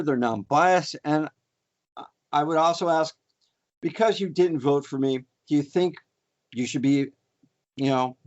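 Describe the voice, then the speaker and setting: A man's voice: on the high side, a little mellow. A man playing a boastful mock senator who rambles with fillers and brags in a comedy debate podcast, recorded on dull lo-fi audio.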